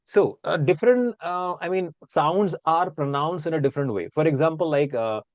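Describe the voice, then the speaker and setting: A man's voice: fairly high pitch, moderate pace, darkish tone, no room sound. Indian man repeating example words. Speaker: guest speaker on accents. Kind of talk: casual explanatory chat.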